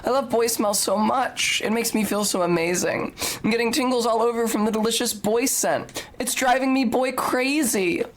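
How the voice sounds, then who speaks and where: A woman voicing a giddy young woman obsessed with the smell of boys, squealing and drawn-out. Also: a little high, slight background noise, pitched above the performer's own voice, lightly acted. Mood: swooning.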